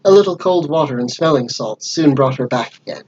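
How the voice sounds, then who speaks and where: A man reading a classic adventure book aloud as storyteller, with lively character voices. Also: a little high, a little fast, muffled recording, slight background noise.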